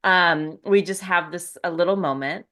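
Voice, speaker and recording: A woman's voice: fairly low pitch, moderate pace, a bit bright. Teasing woman podcast co-host. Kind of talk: casual chat.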